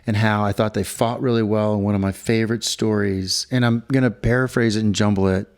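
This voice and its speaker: Low-voiced man telling a rambling story. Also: fairly even intonation, brisk. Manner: rambling storyteller, acts out quotes. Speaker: podcast co-host. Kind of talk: casual chat. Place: hotel room.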